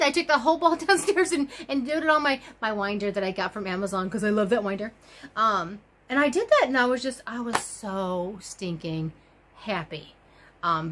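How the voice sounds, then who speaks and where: Chatty woman crochet vlogger, bright pitch. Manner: rambling and gushing, many fillers and exclamations. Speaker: crochet YouTuber. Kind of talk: casual chatty vlog.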